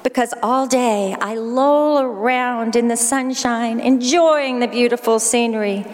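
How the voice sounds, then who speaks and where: A woman voicing a sly, smug male lion with a quiet menace, heard with a long reverb. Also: a little high, unhurried, natural voice.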